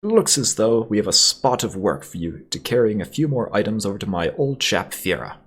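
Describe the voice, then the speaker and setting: A man putting on a shrill pompous old English officer. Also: very animated, brisk, fairly bright tone, husky, full character voice. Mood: blustering. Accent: put-on posh old English. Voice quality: nasal whine, shrill. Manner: blustering, jolly, self-important. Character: pompous shrill older male upper-class officer.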